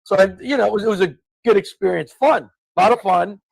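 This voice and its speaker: A man's voice: high voice, fast talker, vocal fry, breathy edge, dry recording, rough recording. A man co-hosting a casual podcast, telling stories and ranting in exasperated bursts. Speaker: co-host.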